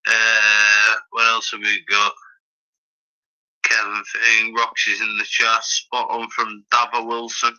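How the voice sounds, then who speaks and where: A man chats casually on a livestream, swearing and reading out viewers' messages. His voice sounds sharp and bright, and the line is muffled and lo-fi. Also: on the low side, completely flat delivery, slow pace. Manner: chatty, sweary, reads out the chat. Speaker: livestream guest.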